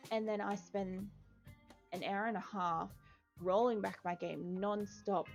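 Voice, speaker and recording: A young woman streams a game in a loose, rambling way, swearing and scolding the characters on screen. Her voice sits at an ordinary middle pitch. Faint music plays underneath. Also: moderate pace, gravelly, darkish tone. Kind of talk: casual gameplay commentary.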